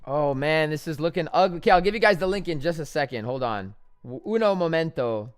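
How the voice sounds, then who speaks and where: A man's voice: a little high, animated, brisk, smooth, dry recording. A young man chatting casually on a live trading stream, joking and making fun of himself as he goes. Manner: chatty, joking, self-deprecating.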